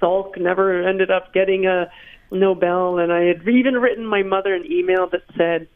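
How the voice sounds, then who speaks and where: A woman's voice: fairly low pitch, normal speed. Woman guest on a tinny phone line. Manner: animated, laughing storyteller. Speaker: interview guest. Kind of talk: phone interview.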